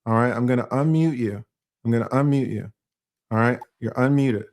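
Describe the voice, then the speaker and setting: A man hosting a legal commentary live stream, calm and measured as he explains himself. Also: medium pitch.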